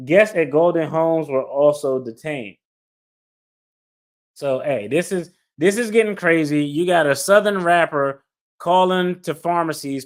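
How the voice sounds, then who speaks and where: A man with a slightly high voice reads legal filings aloud as an attorney commentator. He keeps stopping to add blunt, cursing asides in disbelief. His delivery moves between a plain reading voice and quick, exasperated remarks. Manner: blunt, profane, incredulous asides.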